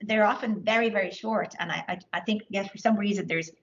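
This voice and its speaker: A woman's voice: medium pitch, a little fast, dull audio. A woman giving a lecture and taking questions, talking with many fillers and restarts. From Ireland. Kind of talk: academic talk with audience questions. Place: lecture room.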